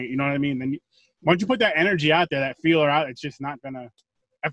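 A man's voice: medium pitch, fast, pushed and bright, no room sound. A man hosting a casual interview, encouraging his guest in long run-on thoughts. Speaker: interview host.

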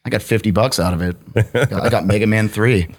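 A podcast guest tells wild anecdotes in casual conversation, animated, swearing and laughing as he goes. His voice is fairly low and a little fast.

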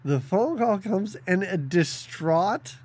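Man, podcast co-host, casual movie recap, husky voice, lively pitch, jokey character voices. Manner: jokey, acts out characters' lines in quick asides.

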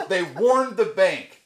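A man co-hosting a casual podcast, reading out news stories and laughing often as he acts out the people in them. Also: high-pitched. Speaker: podcast co-host. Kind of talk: casual chat, reading headlines.

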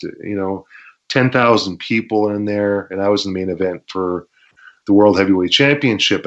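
Brief: Canadian ex-wrestler, guest storyteller, low voice, dull lo-fi audio, acts out the action. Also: male voice. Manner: animated, acts out shouts and sound effects, laughs often. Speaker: interview guest, former pro wrestler. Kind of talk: casual storytelling interview.

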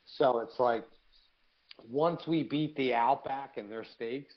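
Profane, animated man on a podcast. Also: medium pitch, slow, lo-fi sound. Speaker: podcast co-host. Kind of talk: casual chat.

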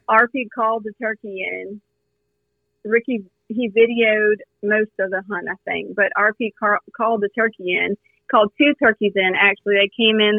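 A woman's voice: mid-range voice, dry recording. Woman telling a story over a tinny phone line. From Louisiana. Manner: animated, earnest, many fillers. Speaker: guest hunter. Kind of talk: storytelling in a podcast interview.

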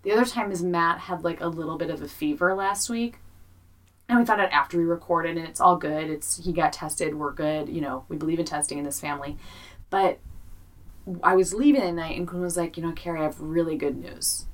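A woman co-hosting a podcast, chatting casually and playfully, with animated swearing. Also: on the low side, brisk, distant mic. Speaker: podcast co-host. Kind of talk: casual chat.

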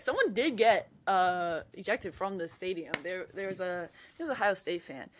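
A woman's voice: fairly low pitch, normal speed, a little hiss or hum. A young woman hosting a podcast, telling a story in casual chat and acting out what people said. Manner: excitable storyteller who acts out quotes. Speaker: podcast host. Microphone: camera mic.

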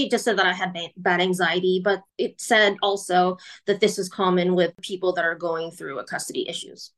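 A woman telling her personal story in a candid, emotional way, speaking quickly and acting out the voices of the people she quotes. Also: fairly low pitch, a bit bright, poor audio. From California.

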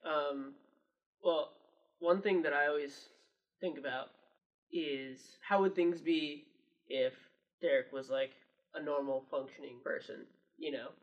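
A man's voice: a little high, measured pace, long pauses, far from the mic, lo-fi sound. A man in his twenties, a guest on a podcast, speaking in a laid-back, joking way with lots of fillers. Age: 20s. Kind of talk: casual podcast conversation.

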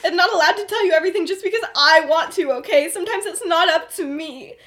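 A woman's voice: very high-pitched, fast talker, voice pushed up. Sirius, a woman retelling a torn teen boy. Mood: pleading. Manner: loud, laughing while quoting. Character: teenage boy wizard, guarded and torn.

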